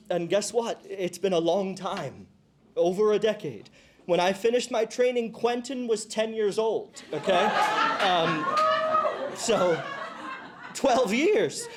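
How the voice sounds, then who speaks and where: High-voiced playful man giving a speech. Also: darkish tone. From New Jersey. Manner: playful, self-mocking, with hesitant fillers. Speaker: commencement speaker and clown teacher. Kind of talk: graduation speech to a live audience.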